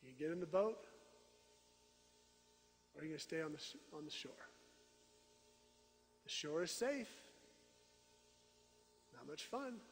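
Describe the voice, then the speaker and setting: A middle-aged male pastor preaching a sermon, telling stories with animated swings from loud to hushed. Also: a little high, slow, long pauses, slight background noise. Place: church sanctuary. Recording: reverberant church sanctuary.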